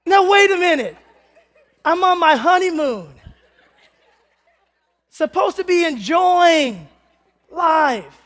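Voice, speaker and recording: A male preacher with a very high voice tells a comic story from the pulpit, animated and bursting into shouts. His words ring out with a long reverb in a large hall. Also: takes it slowly, long pauses, some chatter behind. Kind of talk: humorous sermon storytelling.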